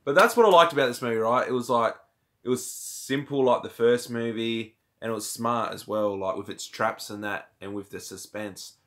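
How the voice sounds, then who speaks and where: A man's voice: medium pitch, normal speed, fairly bright tone. A man talking casually about a film, agreeable and full of "like" fillers. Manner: agreeable, filler-heavy, says "like" a lot. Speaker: movie reviewer. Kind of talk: casual chat.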